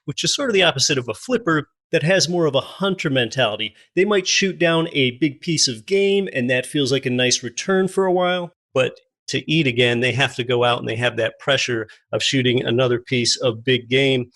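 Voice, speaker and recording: A man's voice: medium pitch, a little fast, hardly any pauses, fairly bright tone. A man hosting a podcast, interviewing a guest and then talking to listeners in an earnest, recommending way. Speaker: podcast host.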